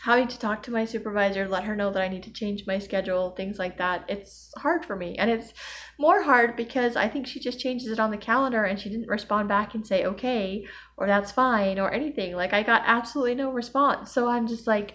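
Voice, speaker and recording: A woman's voice: medium pitch, fairly quick, fairly bright tone. A young woman recording a personal video diary, emotionally overwhelmed, rambling and self-deprecating with nervous laughs. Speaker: vlogger.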